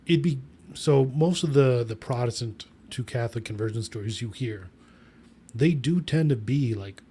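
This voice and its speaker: A man's voice: medium pitch, normal speed, dark tone, breathy edge. A man co-hosting a podcast in casual chat, asking thoughtful questions and teasing his partner wryly. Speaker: podcast co-host.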